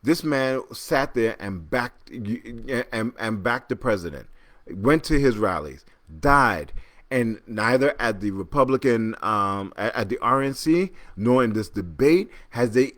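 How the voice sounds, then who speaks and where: A man in the host's chair, venting about current events in loose, conversational commentary. He sounds incredulous and worked up, often stopping to restart his sentences. His voice sits at an ordinary middle pitch. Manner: animated, exasperated ranting with many restarts. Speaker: podcast host. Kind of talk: casual political commentary.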